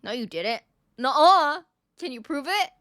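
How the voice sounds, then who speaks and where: Bright, lively young woman streamer. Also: on the high side, normal speed, no echo, clean studio sound. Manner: playful, giggly, animated. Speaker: VTuber streamer. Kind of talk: casual stream chat reading viewer messages.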